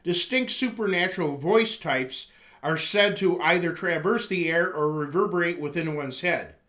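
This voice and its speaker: Male narrator, slightly high-pitched, reads an essay earnestly and steadily. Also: pushed and bright. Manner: earnest, measured, with occasional stumbles and throat clearing. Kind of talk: reading a personal essay aloud.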